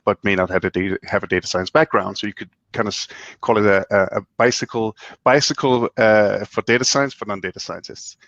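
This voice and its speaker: A man from Denmark explains his work on a video call, pausing often with a dry sense of humor. His voice is low, and the line sounds dull and dry. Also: a bit bright, dry recording. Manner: hesitant, many fillers, dry humor. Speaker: guest, company co-founder. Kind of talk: casual video-call chat.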